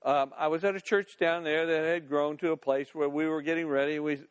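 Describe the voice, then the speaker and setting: An older man gives a sermon in a fairly high voice. He moves between reading scripture and chatty, down-to-earth comment. He acts scenes out in different voices as he goes. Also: fairly even intonation, brisk, smooth. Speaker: pastor.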